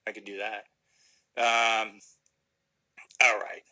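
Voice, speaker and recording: A man's voice: lowish voice, level tone, slow pace, pauses often, bright, forceful tone, rough recording. A man casually answering viewer questions on a livestream, rambling and joking, sometimes trailing off into mumbles. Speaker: actor answering fan questions.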